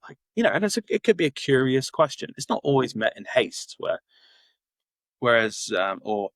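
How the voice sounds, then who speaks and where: A man's voice: on the low side, big pitch swings, brisk, a bit bright, no echo. A man from Cornwall, chatting loosely as a podcast guest, full of fillers and restarts. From Cornwall, England. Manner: rambling, many fillers and restarts. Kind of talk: casual interview chat.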